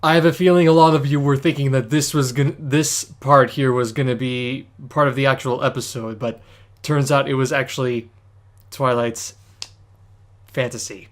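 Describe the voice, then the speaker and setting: A man giving fan reaction commentary, quick and explanatory. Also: medium pitch, steady tone, soft background music. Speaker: fan reviewer.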